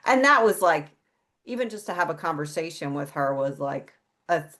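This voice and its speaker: A woman's voice: low voice, expressive, normal speed, fairly bright tone. A middle-aged woman, an interview guest, telling a personal story in a candid, casual way and swearing freely. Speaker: interview guest, psychic and healer.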